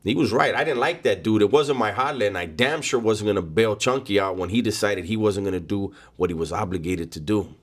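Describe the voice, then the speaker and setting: Blunt, profane man with a lowish voice. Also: fairly quick, hardly any pauses. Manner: blunt and profane, heavy street slang. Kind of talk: casual first-person storytelling.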